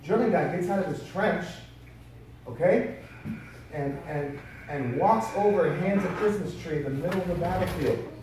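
A pastor with a slightly high voice preaches at a normal speed in a conversational, storytelling style, peppering his listeners with rhetorical questions. There's background noise, and he's recorded from far off in a very echoey hall.

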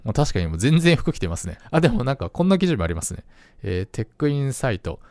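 Animated male lesson host; very fast, dry close recording. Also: mid-range voice, no echo. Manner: animated, quick, chatty with frequent laughs. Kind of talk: casual bilingual lesson chat.

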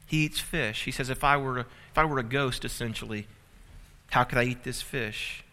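A man's voice: mid-range voice, normal speed, sharp tone. A man preaching a sermon as pastor, telling a family story with humor and building emphasis. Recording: reverberant hall.

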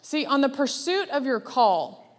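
A woman preaching a sermon in a lively, laughing way, acting out the voices she quotes. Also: high-pitched, measured pace. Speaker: speaker. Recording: long hall reverb.

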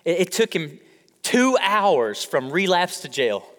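A man's voice: sits high, very animated, slow pace, fairly bright tone. A man preaching a sermon to his congregation, conversational and joking, calling out to the room. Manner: humorous, conversational preaching with audience call-outs. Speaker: pastor. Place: church sanctuary. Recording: long hall reverb.

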